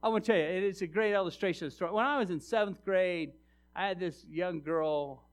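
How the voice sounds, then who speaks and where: A middle-aged man preaching a sermon, telling personal stories and addressing the congregation directly, swinging from hushed to loud and emphatic. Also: high-pitched, fast. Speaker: pastor.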